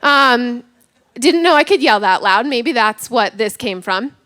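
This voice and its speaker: A high-voiced woman pastor in her thirties giving a sermon. Her bright, forceful tone swings up and down as she acts out quotes and pokes fun at herself. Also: a little slow. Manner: animated storytelling with acted-out quotes, self-mocking humor. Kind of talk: sermon with personal story.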